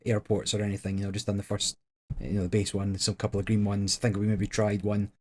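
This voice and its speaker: Podcast dude, lowish voice, lots of ums and stop-start chat. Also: male voice, flat delivery, fast, a little mellow. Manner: hesitant, with frequent ums and repeats. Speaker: podcast co-host. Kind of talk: casual chat.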